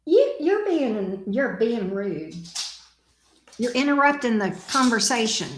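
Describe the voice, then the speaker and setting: A woman's voice: a little high, sing-song, slow pace, a little hiss or hum. A woman who hosts a tarot channel. She chats casually and teasingly with viewers and her dog. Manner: playful, teasing, joking. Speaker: tarot reader, channel host. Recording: echoey room.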